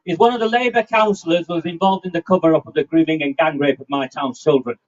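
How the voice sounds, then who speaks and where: In his 50s, this man delivers a furious, defiant rally speech outdoors at a demonstration, captured in a muffled, low-fidelity recording. His voice is on the high side, his tone steady, and he talks fast.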